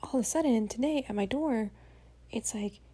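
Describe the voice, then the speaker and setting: A woman's voice: on the high side, moderate pace, warm tone, husky. A tired woman hosting a podcast as a casual spoken diary, venting in a chatty way with many fillers and some swearing. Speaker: podcast host. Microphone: home voice recording.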